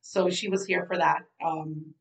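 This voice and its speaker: A young woman from Florida co-hosts a casual chat, talking freely and repeating herself as she goes. Her voice sits a touch low. She sounds slightly off-mic. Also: fairly even intonation, measured pace, gravelly, far from the mic, rough recording. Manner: chatty, laughs easily, repeats phrases. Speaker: podcast co-host.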